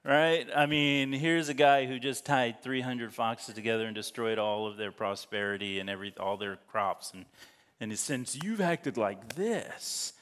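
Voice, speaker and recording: A man's voice: medium pitch, a bit bright. A man preaching a sermon as pastor, reading scripture aloud and breaking off into joking, laughing asides. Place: church sanctuary. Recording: long hall reverb.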